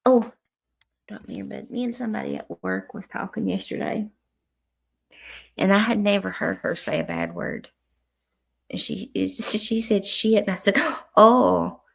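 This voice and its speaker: A woman's voice: mid-range voice, sing-song, creaky, slightly rough. A middle-aged woman chatting frankly with viewers on a livestream, often restarting her sentences. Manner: frank, cusses freely, halting restarts. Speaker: livestream host. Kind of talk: casual livestream chat with viewers.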